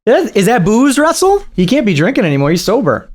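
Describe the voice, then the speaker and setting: Animated, mocking male reaction streamer. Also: high-pitched, brisk. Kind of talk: reaction commentary.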